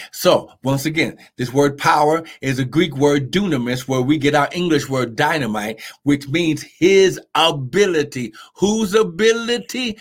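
A man's voice: fairly high pitch, measured pace, hardly any pauses. A man preaching a live-streamed sermon, fervent, with repeated calls of "how glory" and "come on now", greeting online viewers by name.

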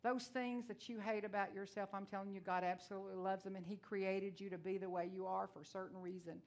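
A woman from Texas with a Texan accent, preaching a sermon in a loud, blunt, emotional and folksy way. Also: medium pitch, steady tone, fast. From Texas, USA.

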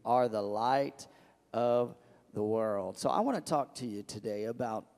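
A male pastor preaching a lively sermon, slowing down to read scripture and leading the congregation in call-and-response. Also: mid-range voice, big-room sound.

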